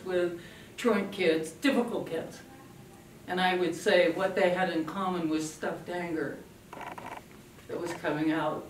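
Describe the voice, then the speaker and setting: A woman giving a parenting workshop to a live audience, animated and acting out scenes with a puppet. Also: fairly low pitch, slight background noise. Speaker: parenting speaker. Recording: echoey room from a distant mic.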